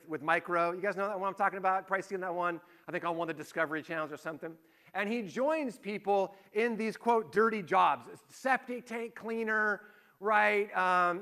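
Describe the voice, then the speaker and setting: A man's voice: high voice, pushed and bright. A middle-aged man preaching a conversational sermon, asking rhetorical questions and telling anecdotes. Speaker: pastor.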